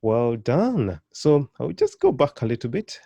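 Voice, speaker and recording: Guy teaching a beginner language class online, mellow voice, dry close mic, keeps saying words over and over. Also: medium pitch, sing-song, gravelly, no echo. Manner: encouraging, repeats and drills words slowly.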